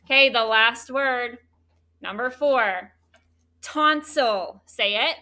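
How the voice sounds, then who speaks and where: Slow, bright-voiced woman teacher. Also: fairly high pitch. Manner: slow, clear, drawn-out letter-by-letter spelling. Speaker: third grade teacher. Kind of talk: classroom spelling lesson.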